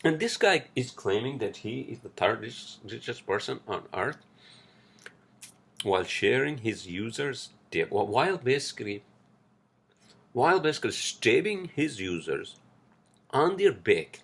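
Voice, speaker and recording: A man hosts a solo podcast, rambling and cursing heavily as he rants about the news, with frequent restarts, before reading an article aloud. His medium-pitched voice is gravelly, husky, fairly bright, and sing-song, at a normal speed.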